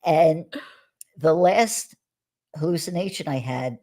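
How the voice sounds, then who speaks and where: A woman speaks in a low, slightly husky voice, recounting her experiences as a guest on a live video call. She talks in a relaxed, conversational way, often restarting her sentences and laughing softly. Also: slow pace. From United States. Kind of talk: conversational storytelling on a live stream.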